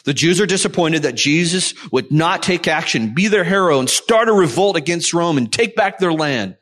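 A man's voice: a little high, expressive, moderate pace, fairly bright tone. A man preaching a sermon, explaining a Bible passage and reading scripture aloud. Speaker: pastor.

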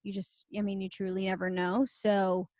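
A woman's voice: mid-range voice, little pitch movement, normal speed, a little mellow, no echo. Young woman co-host, earnest casual chatter, dry close sound. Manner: earnest, chatty, many fillers. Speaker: podcast co-host. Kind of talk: casual chat.

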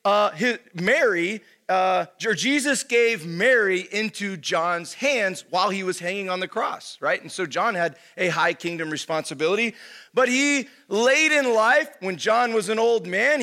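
A man's voice: high-pitched, sharp tone. A young adult man giving a casual sermon, talking conversationally, full of fillers and constantly checking in with "right?". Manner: conversational, keeps asking "right?", lots of fillers. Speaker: pastor.

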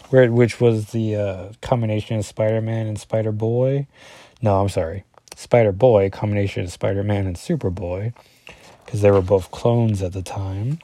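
A man's voice: lowish voice, mellow, no room sound. A man, a father, reviewing a comic book in a casual, rambling solo talk, full of fillers and self-corrections as he reads through the issue.

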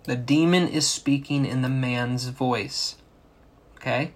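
A man's voice: mid-range voice, steady tone, takes it slowly. A man preaching a sermon, explaining a scripture passage and asking rhetorical questions. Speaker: pastor.

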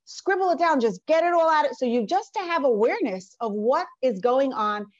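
A woman's voice: high-pitched, expressive, moderate pace, no room sound, highs cut off. A woman teaching a class from a workbook, earnest and conversational, with lots of rhetorical questions. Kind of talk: lecture from a workbook.

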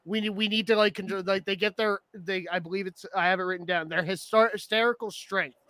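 High, bright-voiced young man chatting. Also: fast, dry recording. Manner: rambling, animated, laughs often. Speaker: podcast co-host. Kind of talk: casual chat about an anime.

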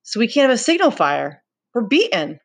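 A woman's voice: a little high, very animated, moderate pace, pitched above the performer's own voice. A woman voicing a frustrated, weary boy leader in a read-aloud novel, speaking in blunt, exasperated retorts. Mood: despairing.

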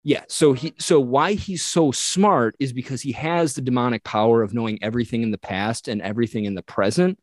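Animated storytelling man, dry close mic. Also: mid-range voice, fairly quick, few pauses, dry recording. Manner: animated retelling, acting out quoted characters. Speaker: podcast co-host. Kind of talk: casual storytelling chat.

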